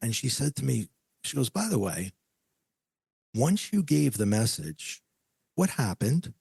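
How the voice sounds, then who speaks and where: A man's voice: mid-range voice, sing-song, unhurried, gravelly, a little mellow, husky, dry recording. A man telling a personal story as a podcast guest, acting out the voices of the people he quotes.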